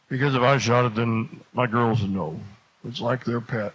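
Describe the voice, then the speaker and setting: A man telling a comic story to an audience, acting out every exchange and rising to shouts as it builds. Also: medium pitch, moderate pace, breathy edge, poor audio. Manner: animated, acts out the dialogue, voice rising to shouts at the climax.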